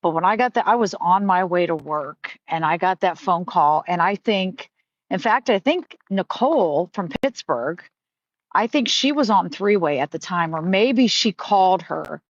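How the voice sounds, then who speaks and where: Middle-aged woman, live-stream host, rambling and blunt, slightly low voice, dry dull audio. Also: animated, normal speed, no echo. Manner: rambling, candid, profane, with many restarts. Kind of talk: casual live-stream chat.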